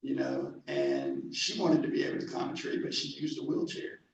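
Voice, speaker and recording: A man's voice: extremely low pitch, wildly swooping pitch. Man telling a story from afar in an echoey hall. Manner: storytelling, halting restarts. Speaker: camp director. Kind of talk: speaking to a club meeting. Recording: echoey hall, distant mic, faint noise.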